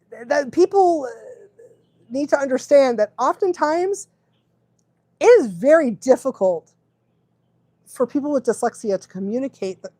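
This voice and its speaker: A woman's voice: sits high, warm tone, no echo. Chatty laughing woman, dry close sound. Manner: chatty, laughs often, fumbles words. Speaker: dog trainer. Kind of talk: casual livestream chat.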